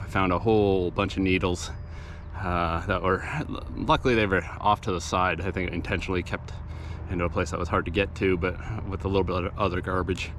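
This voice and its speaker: Low male voice, rambling outdoor vlog narration, matter-of-fact, faint background noise. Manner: rambling, matter-of-fact, with many fillers and restarts. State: out of breath after a hill climb. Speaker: volunteer litter picker and channel host. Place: outdoors in woods and by a roadside.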